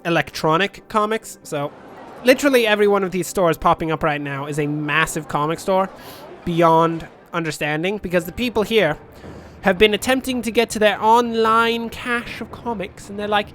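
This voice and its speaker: A man's voice: high voice, normal speed, fairly bright tone, faint music behind. A man commentating a city-building game in a rambling, jokey storytelling manner. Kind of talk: let's play commentary.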